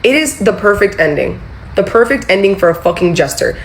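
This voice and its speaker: Animated young woman telling a story. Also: medium pitch, a little fast, slight background noise, rough recording. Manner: animated, acts out quotes, swears. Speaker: former employee telling her story. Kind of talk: casual storytelling.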